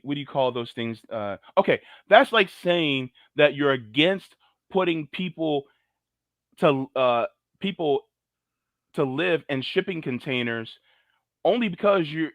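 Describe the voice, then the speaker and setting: A man's voice: fairly high pitch, a bit bright, no echo. A man co-hosting a casual political podcast, jokey and emphatic. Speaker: co-host.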